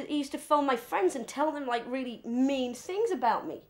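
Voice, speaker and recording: A woman's voice: high voice, expressive, moderate pace, darkish tone. An English woman appearing as a guest on a spoof talk show, heated and indignant as she swears about a relative.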